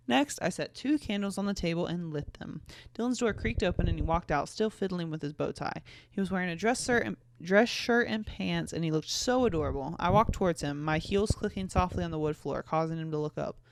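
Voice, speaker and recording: A young woman podcast host, tipsy and giggly, reads aloud fanfic she wrote as a teenager, breaking off for asides between passages. Her voice is on the low side, with vocal fry.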